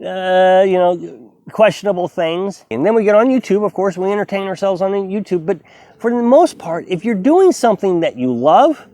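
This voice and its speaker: A man in his fifties talking casually to camera, giving an animated, preachy pep talk as a vlogger. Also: high-pitched, moderate pace, no echo. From United States.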